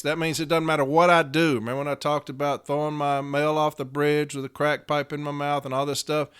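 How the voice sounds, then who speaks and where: A man's voice: a little high, steady tone, fairly quick, a bit bright, clean tone. A man hosting a podcast as a union advocate, telling work stories in a blunt, profane, casual way and chuckling often.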